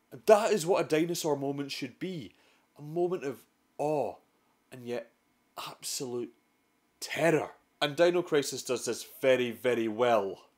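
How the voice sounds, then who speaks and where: Profane, dramatic Scottish gaming vlogger. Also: male voice, medium pitch. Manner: profane, dramatic storytelling with sudden outbursts. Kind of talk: comedic scripted vlog narration.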